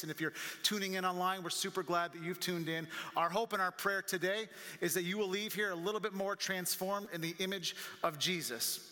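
High, bright-voiced pastor preaching. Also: male voice, big-room sound. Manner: vivid, dramatic storytelling. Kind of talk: sermon. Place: church sanctuary.

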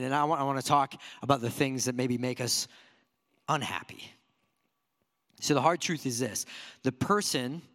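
Sounding like he's in a big room, this male pastor has a fairly bright voice that sits on the higher side. Earnest and conversational, he delivers a sermon to his congregation and keeps asking them rhetorical questions.

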